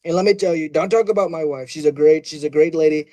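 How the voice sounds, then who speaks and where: A man's voice: on the high side, fast talker, mellow, close to an everyday voice. Young man doing a blustering old politician. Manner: repetitive, self-interrupting, bragging. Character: blustering older male politician, boastful and rambling. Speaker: debate moderator. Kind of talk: mock debate impression.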